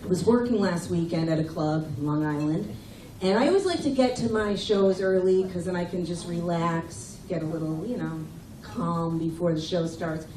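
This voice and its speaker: On a comedy club stage, a middle-aged woman does a stand-up set full of brash, teasing crowd work. Her voice is on the low side at a normal speed, picked up by a distant mic in an echoey room with slight background noise, a loud crowd and audience laughter.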